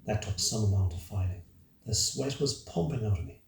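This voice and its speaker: A man narrating a dark first-person story in a measured, brooding, dramatic way. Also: lowish voice, expressive, gravelly, a little hiss or hum. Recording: roomy, distant from the mic.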